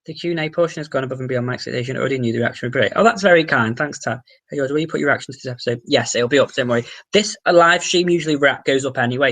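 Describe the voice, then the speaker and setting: A man's voice: mid-range voice, creaky, a bit bright. A man from the Wirral with a Merseyside accent, hosting a casual livestream Q&A, reading out viewer comments and answering them, swearing now and then. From the Wirral, England. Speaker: livestream host.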